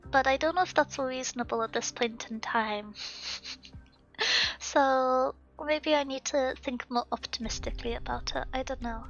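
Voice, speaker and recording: A woman's voice: sits high, steady tone, normal speed, creaky, fairly bright tone, highs cut off, faint music behind. A woman streamer reading through a game story live, adding playful, giggly commentary.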